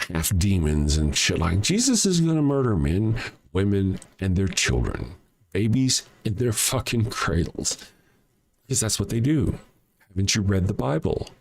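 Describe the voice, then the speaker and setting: A man hosting a solo commentary show, talking in a sarcastic, profane, mocking way. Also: medium pitch. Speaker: host.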